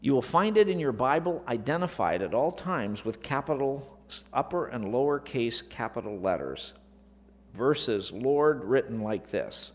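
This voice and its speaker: A man teaching scripture from the pulpit of a large hall, his voice swinging up and down with lively emphasis. He keeps throwing rhetorical questions at the congregation, and his words ring out with a long echo. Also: medium pitch, a little slow. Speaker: Bible teacher. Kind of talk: sermon-style Bible lesson.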